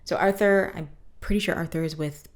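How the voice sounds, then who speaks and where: A woman hosting a podcast, casually recapping a cartoon episode with swearing and quick character voices. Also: lowish voice. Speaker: podcast host.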